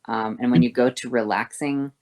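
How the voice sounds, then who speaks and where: A woman voice teacher explaining vocal fold exercises, moving between a harsh, thick sound and a soft, thin one, over a voice call. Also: very deep voice, steady tone, normal speed. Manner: switches between harsh fry and soft breathy tones.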